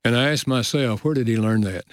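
An older man, a guest author, telling a personal story in an earnest, measured way in a casual conversation. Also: medium pitch, no room sound, clean studio sound.

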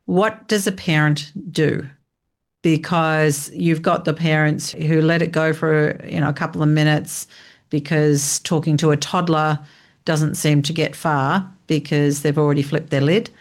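A woman's voice: deep voice, level tone, a little slow. A woman hosting an interview, asking questions conversationally and affirming briefly. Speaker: interview host.

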